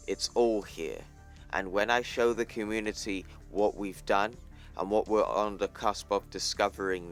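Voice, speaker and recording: Sex: male. Figure: a man playing a slow, smug mad scientist. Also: lowish voice, fairly bright tone.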